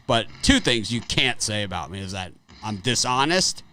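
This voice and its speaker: A low-voiced man runs a live sports picks show in loose, casual talk. His pitch swings widely as he goes, and he is blunt and a little profane, often restarting his sentences. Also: very animated, moderate pace, sharp tone, slight background noise. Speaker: sports betting show host. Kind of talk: casual sports betting chat.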